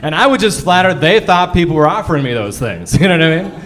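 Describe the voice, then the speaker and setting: A man's voice: on the high side, sing-song, fast talker, a bit bright. A man in his thirties doing a stand-up comedy set live on stage. He jokes about himself, chats with the crowd and chuckles through his own punchlines. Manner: self-deprecating, laughs through his punchlines; chatty crowd work with the audience.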